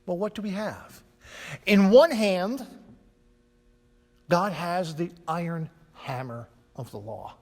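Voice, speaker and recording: A middle-aged male pastor preaching a sermon in an emphatic way, with dramatic pauses and big swings in loudness. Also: on the high side. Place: church sanctuary. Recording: long church reverb.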